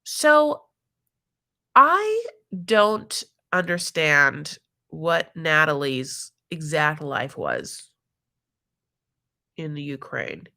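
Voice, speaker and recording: A woman's voice: sits low, big pitch swings, very slow, long pauses, bright, forceful tone. A woman hosting a reality TV recap live stream in casual commentary, chatty and giggly, leaning on fillers and calling people honey and my love.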